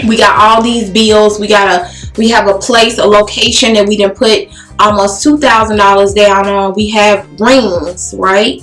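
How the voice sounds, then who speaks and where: Woman, casual storytime, blunt and profane, acts out dialogue, mid pitch. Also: steady tone, measured pace, a bit bright. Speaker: beauty vlogger telling a story. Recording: roomy echo with faint music.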